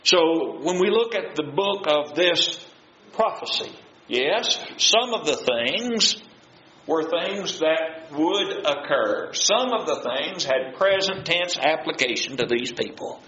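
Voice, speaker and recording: A man's voice: on the high side, animated, slow, bright, forceful tone. A man teaching a Bible study in sermon style, earnest and folksy, asking the listeners questions and answering them himself. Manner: plain, folksy paraphrase of scripture. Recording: roomy, dull sound with faint noise.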